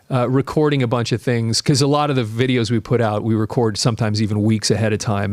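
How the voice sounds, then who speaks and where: A man in his late fifties hosting a live stream, chatting casually in a rambling, animated way while reading out viewer comments. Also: on the high side, no echo, clean studio sound. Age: 50s.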